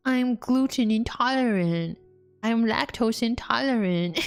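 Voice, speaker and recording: A woman streamer casually playing a story game, reading its text aloud, laughing often and exclaiming at the twists. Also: fairly low pitch. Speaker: VTuber streamer.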